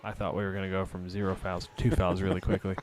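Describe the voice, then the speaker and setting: A man doing color commentary at a high school basketball game, relaxed and chatty, full of "you know" and "like.". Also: fast, faint music behind.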